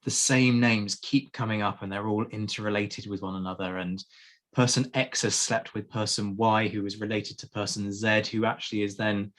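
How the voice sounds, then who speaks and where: A man's voice: lowish voice, little pitch movement, moderate pace, fairly bright tone. A man hosting a history podcast, talking in an enthusiastic, chatty way with frequent restarts. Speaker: podcast host. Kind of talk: casual podcast chat.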